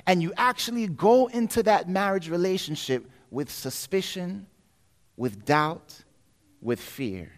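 A male preacher with a fairly high voice delivers a sermon. He is animated and acts out quoted voices, moving between loud stretches and quiet, hushed ones. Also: unhurried.

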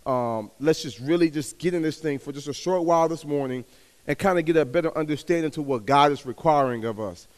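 Preacher in an echoing hall. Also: male voice, a little high, a little fast. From Texas. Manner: conversational, asks the crowd to respond, builds up and drops to a hush. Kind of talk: sermon. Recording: long hall reverb.

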